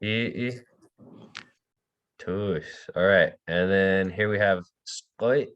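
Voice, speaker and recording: Slow, deep-voiced man teaching a language. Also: dull audio. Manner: hesitant, many fillers and restarts; calls on students by name and repeats words for them. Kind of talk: online language class.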